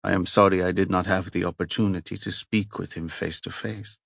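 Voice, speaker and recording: A man voicing a tall, solemn and persuasive Italian monk with a heavy Italian accent, speaking slowly and with measured care. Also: sits low, flat delivery, vocal fry, fairly bright tone, breathy edge, no room sound, studio quality, heavily acted.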